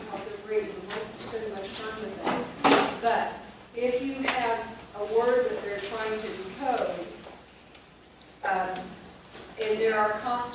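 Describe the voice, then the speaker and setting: A woman teacher trainer leading a phonics lesson for teachers, slowly enunciating words and checking in with "okay?". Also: a little high. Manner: slow, deliberate word-by-word enunciation with frequent "okay?" checks. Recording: echoey room from far off, noisy.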